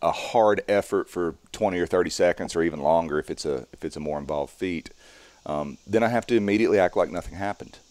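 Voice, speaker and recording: A man in his late forties, a strongman performer, explaining calmly and at length in a podcast interview. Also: low voice, dry recording. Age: 40s. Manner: calm, measured, explanatory.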